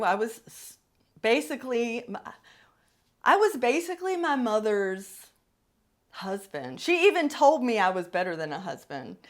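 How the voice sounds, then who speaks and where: A woman's voice: mid-range voice, a bit bright. A middle-aged woman hosting a podcast, telling a personal story in a candid, wry way. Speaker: podcast host.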